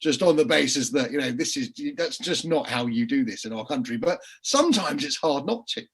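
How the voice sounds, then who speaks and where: Husky man telling courtroom stories. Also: mid-range voice, a little fast. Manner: animated storyteller, laughs mid-story, frequent restarts. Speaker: crime writer and former barrister on a panel. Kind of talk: casual panel chat, anecdotes.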